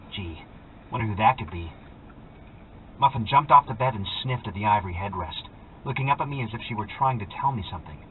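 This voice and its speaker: A man reads a first-person story aloud with a wry, conversational touch. His pitch sits in the middle of the male range. The sound is tinny and phone-like, with faint noise underneath. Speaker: audiobook reader. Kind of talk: scripted first-person narration.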